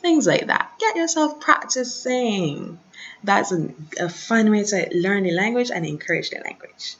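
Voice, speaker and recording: A woman's voice: mid-range voice, expressive, unhurried, fairly bright tone. A woman teaching a French lesson, patiently repeating each conjugation and encouraging her students to practise. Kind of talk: slow classroom lesson, repeating drills. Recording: dull lo-fi sound.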